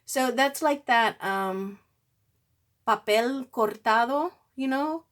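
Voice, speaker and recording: A woman who is a parent, chatting casually in an unboxing vlog, gushing over what she opens, with many fillers and soft gasps. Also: fairly high pitch, slow pace. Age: adult parent. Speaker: beauty vlogger.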